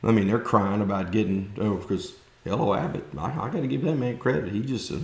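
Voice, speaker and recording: Man, South Texas accent, low voice, blunt folksy rant, echoey room. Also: fairly quick, hardly any pauses, a little mellow. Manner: blunt, folksy, fired-up ranting with mocking quoted voices. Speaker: political commentator vlogger. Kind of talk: opinionated monologue.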